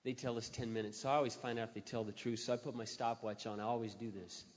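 A middle-aged Christian man telling an animated, self-mocking personal story and acting out the dialogue. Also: medium pitch, fast talker. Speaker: Christian speaker. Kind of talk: storytelling talk. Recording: echoey hall, muffled sound.

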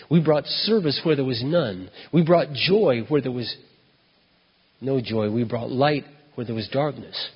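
A man preaches a sermon through a story, acting out each voice in an animated way. His voice is husky. The recording sounds muffled and dull, with the long reverb of a hall. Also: medium pitch. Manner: animated, acts out dialogue.

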